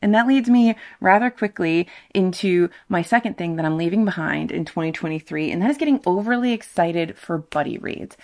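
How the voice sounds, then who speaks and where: A woman booktuber chats casually to camera about her reading habits. Her voice sits a touch low and she talks with a self-mocking, emphatic energy, picked up close by a sensitive condenser mic at home. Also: darkish tone. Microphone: ASMR-style condenser mic.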